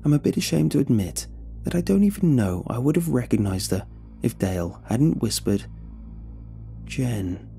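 A man narrating a horror story in an expressive, suspenseful way. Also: medium pitch, fairly quick, gravelly, soft background music.

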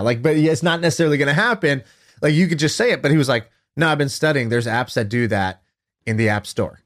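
Casting: man in his thirties, podcast co-host, lively storyteller, mid-pitched. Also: fairly quick. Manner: animated storytelling, acts out quoted voices. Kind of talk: casual chat.

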